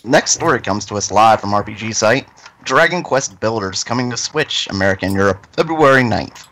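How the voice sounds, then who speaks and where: A man co-hosting a gaming podcast, reading news stories aloud in a quick, jokey way. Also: on the low side, animated, fairly bright tone, slight background noise, poor audio. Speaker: podcast co-host.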